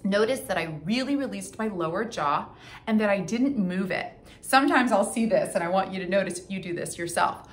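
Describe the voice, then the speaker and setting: A woman voice coach teaching a singing lesson, counting in and demonstrating warm-ups in an encouraging way. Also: medium pitch, lively intonation, a little fast. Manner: encouraging, counts in and sings along.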